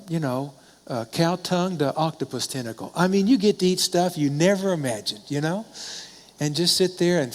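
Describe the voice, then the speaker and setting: A man's voice: fairly high pitch, darkish tone. Man preaching conversationally in a reverberant hall. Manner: conversational storytelling, asks and answers his own questions. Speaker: pastor. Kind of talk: sermon. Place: church sanctuary.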